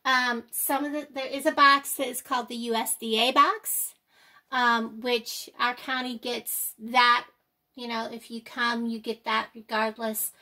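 A woman's voice: a little high, level tone, unhurried, bright, forceful tone. An older woman vlogging, out of breath, with slightly off speech, rambling and apologetic with many ums. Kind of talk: casual chat to camera.

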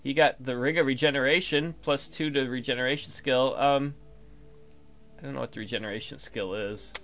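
A man's voice: mid-range voice, a little fast, a bit bright, soft background music. A man casually commenting on his gameplay, swearing, thinking aloud, and reading the game text. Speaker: let's play gamer.

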